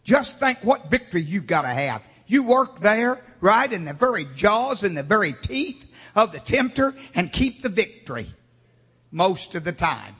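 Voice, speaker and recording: High-voiced preacher shouting in a reverberant church. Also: male voice, very animated, a little slow, husky. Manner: call-and-response preaching, rising to shouts. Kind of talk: sermon. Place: church sanctuary.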